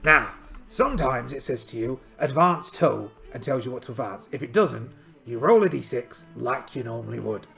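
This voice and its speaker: Gravelly Englishman playing a pirate game. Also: medium pitch, expressive, moderate pace, pushed and bright. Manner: chatty, self-mocking, hammy pirate talk. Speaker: solo tabletop game player. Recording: light music underneath.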